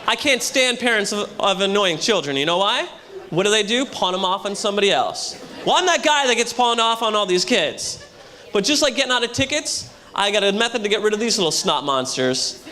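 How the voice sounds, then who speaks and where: A young man doing a brash stand-up comedy set with loud crowd work at a hotel show. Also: high voice. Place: hotel comedy show before a live audience. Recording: live room with audience.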